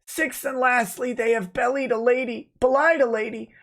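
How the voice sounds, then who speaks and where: A man doing a high, pompous lawyer voice. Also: measured pace, vocal fry, fairly bright tone, husky, exaggerated voice. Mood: mocking, pompous. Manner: mocking, overblown declamation. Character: pompous male lawyer, mocked and self-important.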